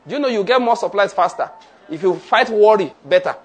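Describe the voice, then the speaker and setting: Male preacher; higher-pitched, leads declarations in a sermon. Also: expressive, fairly quick. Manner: leads the congregation in call-and-response declarations.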